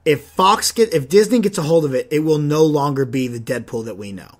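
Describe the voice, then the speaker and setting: A young man hosting a solo podcast, talking in an animated, rambling way with frequent restarts and stumbles. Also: fairly high pitch, fairly quick. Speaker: podcast host.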